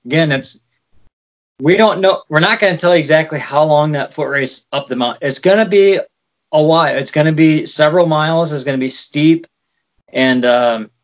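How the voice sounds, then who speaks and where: A man's voice: on the high side, moderate pace, lo-fi sound. A man with a light Wisconsin accent co-hosting a podcast, chatting casually and explaining with frequent fillers. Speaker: podcast co-host. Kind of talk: casual chat.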